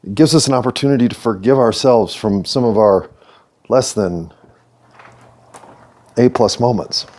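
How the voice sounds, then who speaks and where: An American man hosts a solo podcast, musing in a rambling, philosophical, self-deprecating monologue. His voice sits at medium pitch and is a little mellow, moving at normal speed with frequent pauses.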